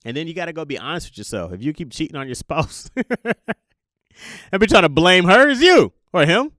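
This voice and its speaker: In a studio-quality recording with no echo, a young man hosts a podcast and delivers a casual, confessional monologue. His voice sits on the high side and moves fairly quickly as he jokes animatedly and laughs at himself.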